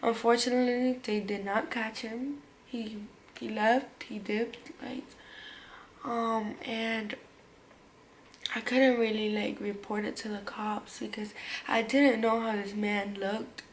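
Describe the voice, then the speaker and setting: A young woman recounts a story for her vlog in loose, slangy speech, stumbling over fillers and restarts and now and then sinking to a whisper. Her voice sits a little high, with a faint hum of room noise behind it. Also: level tone, rough recording. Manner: casual, slangy, halting with many fillers and restarts. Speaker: vlogger.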